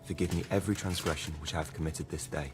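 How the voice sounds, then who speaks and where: Man playing a grieving mine foreman, solemn and gruff, long reverb, faint music. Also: low voice, steady tone, quick pace, lightly acted. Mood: solemn prayer. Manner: thick dialect, mournful, solemn praying. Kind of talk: video game dialogue. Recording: game audio with hall reverb and music.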